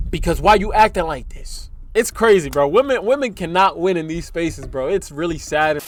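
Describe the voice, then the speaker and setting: A man's voice: fairly high pitch, lively intonation, normal speed, few pauses. A man hosting a reaction video, giving casual, slangy commentary on clips he plays.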